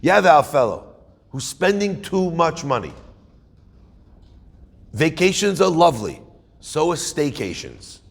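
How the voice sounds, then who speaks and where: A man's voice: fairly high pitch, unhurried, creaky, pauses often, husky. A man giving a conversational sermon as a rabbi, asking his listeners questions. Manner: conversational, animated, asks the audience questions. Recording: hall reverb.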